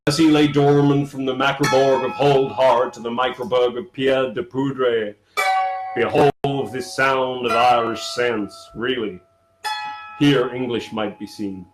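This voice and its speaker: A man's voice: mid-range voice, steady tone. A man giving a theatrical, sing-song reading of a literary text in a live performance. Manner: slow, incantatory, sing-song delivery. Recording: echoey room with music behind, live stream.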